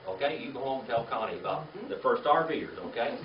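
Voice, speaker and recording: A man speaking fast and expressively at medium pitch, with few pauses, teaches a Bible class by spelling words letter by letter and getting the class to repeat them. The echoey classroom or church meeting room is recorded from a distant mic, dull and lo-fi.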